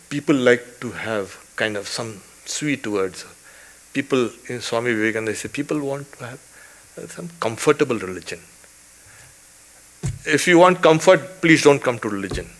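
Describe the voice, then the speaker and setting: A man, a swami, teaching a weekly scripture class in an emphatic lecture style, posing rhetorical questions, often adding "you can say" as an aside and chuckling softly now and then. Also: mid-range voice, animated, moderate pace.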